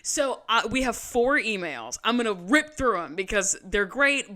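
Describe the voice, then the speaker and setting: A young woman co-hosting a podcast in casual, animated chat, swearing freely and laughing often. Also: a little high, normal speed, a crowd in the background. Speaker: podcast co-host.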